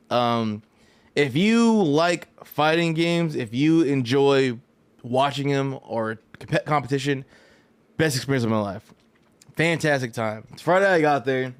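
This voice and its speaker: A man telling a story in a casual vlog, animated and profane, full of slang and rambling asides. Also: mid-range voice, clean tone. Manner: loose, rambling delivery with frequent "right?". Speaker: fighting game vlogger.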